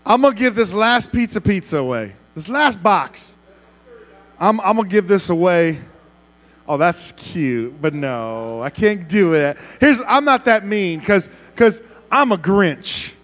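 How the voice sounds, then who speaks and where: A man preaching as a youth pastor, playfully wrangling a big room of students and often shouting. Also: sits high, lively intonation, measured pace. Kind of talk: youth ministry sermon.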